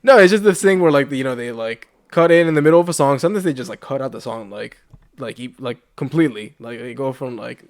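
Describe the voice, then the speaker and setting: A man with a medium-pitched voice talks fast as co-host of a casual podcast chat. He rambles, leans heavily on "like," and restarts his sentences often.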